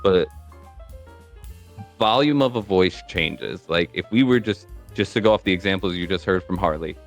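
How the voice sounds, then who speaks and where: A man's voice: low voice, moderate pace, soft background music. A man from New York hosting a podcast, chatting casually about voice acting in a rambling, explanatory way. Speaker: podcast host.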